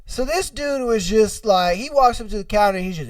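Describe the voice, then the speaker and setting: Chill podcast guy reading posts out loud, swears a lot, dry sound, kinda back from the mic. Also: high-pitched, lively intonation, a little fast, no echo, recorded from a distance. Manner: loose, profane, laughs at his own retellings. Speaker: podcast host.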